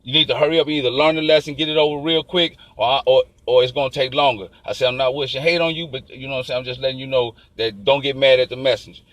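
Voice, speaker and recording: A man telling a long story in a casual, animated and profane street style. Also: medium pitch, no room sound, poor audio. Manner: profane, animated, fast-talking.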